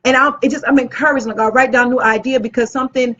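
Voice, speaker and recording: Female event planner, upbeat motivational coach, raised pitch, slightly muffled lo-fi recording. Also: fairly even intonation, fast talker, bright, forceful tone. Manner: enthusiastic, talks with her hands. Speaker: event planner and channel host. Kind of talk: motivational teaching talk to camera.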